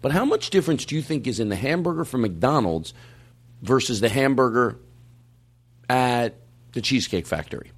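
A man hosting a comedy podcast in casual chat, playful and quick to laugh and joke with his guest. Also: mid-range voice, expressive, breathy edge. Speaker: podcast host.

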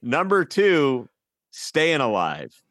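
A man co-hosting a casual chat, reading out his list in a dry, deliberate way. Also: mid-range voice, wildly swooping pitch, a bit bright, no room sound. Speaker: co-host.

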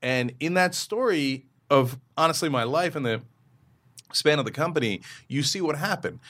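A middle-aged man telling stories in a casual interview, animated, slipping into funny voices now and then. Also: on the high side, moderate pace. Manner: animated storyteller who slips into funny voices. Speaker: media company founder and show host, as guest.

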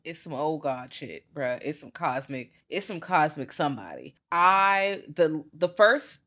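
A woman's voice: low voice, animated, a little slow, a bit bright. A woman co-hosting a podcast, chatting casually and profanely about a horror film and acting out her own reactions. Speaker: podcast co-host. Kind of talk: casual film review chat.

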